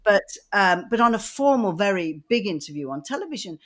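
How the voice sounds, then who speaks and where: Animated Mancunian woman telling stories. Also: medium pitch, fairly quick. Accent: Mancunian English. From Manchester, England. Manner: animated storyteller, lively rambling anecdotes. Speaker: podcast co-host. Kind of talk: casual chat.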